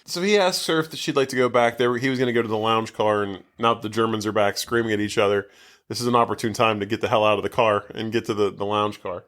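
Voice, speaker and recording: A man's voice: lowish voice, fairly even intonation, quick pace, fairly bright tone. A man co-hosting a casual podcast, recapping a movie in a loose, rambling way full of fillers. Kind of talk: casual chat. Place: basement.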